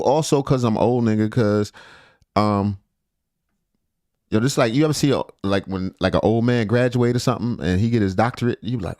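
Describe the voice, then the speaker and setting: A man's voice: fairly low pitch, a little fast, a little mellow, no echo, clean studio sound. A middle-aged man hosting a live stream in loose, joking chat, laughing often and swearing freely.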